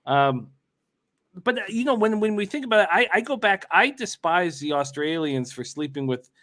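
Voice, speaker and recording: A young man co-hosts a sports betting watch party, chatting loosely with constant fillers and restarts. His voice sits a little high. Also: lively intonation, normal speed, fairly bright tone. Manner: rambling, frequent fillers and restarts. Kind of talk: casual chat.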